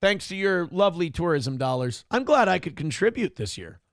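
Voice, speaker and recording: A man's voice: sits high, very animated, normal speed, no echo, clean studio sound. A man hosting a morning show, mocking a clip in a sarcastic, profane rant. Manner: sarcastic, ranting, swears freely. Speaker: show host reacting to clips.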